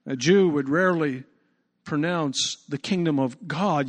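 A man preaching a sermon, emphatic, stretching key words out slowly. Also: fairly high pitch. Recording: long reverb.

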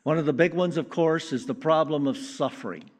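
A man preaching a sermon in a slow, deliberate way with strong emphasis on key words. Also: a little high. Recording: long reverb of a large hall.

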